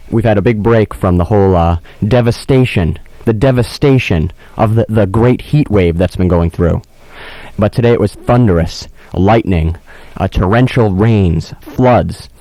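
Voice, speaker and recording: A man's voice: on the low side, mellow, no echo, low-quality recording. A man hosting a comedic radio show from a windowless studio on a studio mic, rambling melodramatically and stumbling over his words. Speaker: radio host. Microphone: studio microphone with headphones.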